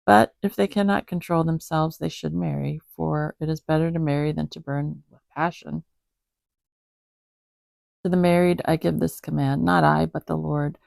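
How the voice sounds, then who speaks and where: A woman's voice: deep voice, creaky, mellow, dry recording. A woman hosting a casual Bible reading for her cats at home, chatty and self-deprecating, often breaking into giggles. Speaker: host.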